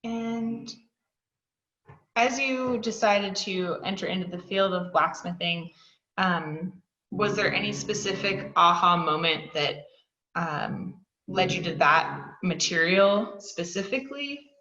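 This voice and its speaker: A woman's voice: lowish voice, slow pace, bright, forceful tone. A young woman interviewing a guest and asking her questions hesitantly, with frequent ums. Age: young adult. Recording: roomy, lo-fi sound.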